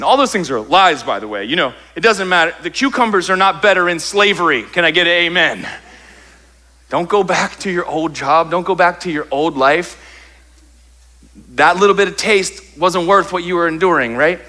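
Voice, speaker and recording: A man's voice: sits high, expressive, normal speed, sharp tone. A man preaching a sermon, telling a funny story about himself and acting out his complaints before he turns to scripture. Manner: humorous storytelling, acts out his own complaints. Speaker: pastor.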